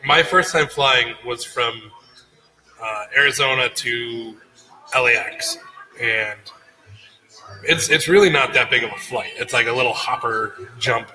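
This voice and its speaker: A male podcast co-host with a medium-pitched voice tells a story in an unhurried, casual, animated way, acting out the people he quotes. The recording quality is low.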